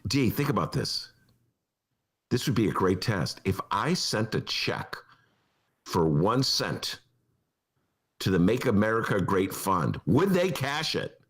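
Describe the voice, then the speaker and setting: A man's voice: deep voice, very animated, measured pace, vocal fry, a bit bright, breathy edge. An older man with a Chicago accent, hosting a talk show and doing a sarcastic comic monologue that mocks what he reads aloud. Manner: sarcastic, mocking voices. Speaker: podcast host.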